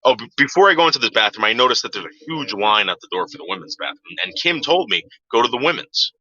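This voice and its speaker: A man's voice: medium pitch, lively intonation, quick pace, bright, forceful tone. A man telling a story from his past in a casual, profane way, acting out the voices of the people he quotes. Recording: dull lo-fi sound.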